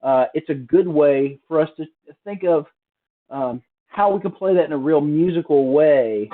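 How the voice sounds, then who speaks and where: A man teaches drums in a casual, unhurried way, stopping and restarting as he explains. His voice sits a touch higher than most men's. The sound is narrow and phone-like, with faint practice-pad playing behind him. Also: over music. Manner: relaxed, explanatory, with many fillers and restarts. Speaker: drum teacher. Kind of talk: casual spoken drum lesson. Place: hotel room. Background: drum practice pad.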